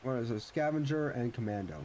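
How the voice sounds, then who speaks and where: A man's voice: medium pitch, quick pace, a little mellow, slight background noise. A young man streaming a game, chatting casually and rambling with many restarts. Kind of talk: casual chat while gaming.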